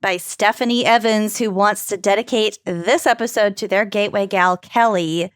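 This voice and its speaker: A woman from Minnesota co-hosting a podcast, upbeat and quick with quips. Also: mid-range voice, steady tone, clear, resonant tone, dry recording, clean studio sound. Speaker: podcast co-host. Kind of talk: casual chat.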